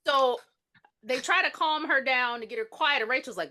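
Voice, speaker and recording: A woman's voice: sits high, moderate pace. A woman co-hosting a podcast, recapping a movie in casual, profane chat and acting out the characters' lines as she goes. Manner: animated, profane retelling that acts out the characters' lines. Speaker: podcast co-host.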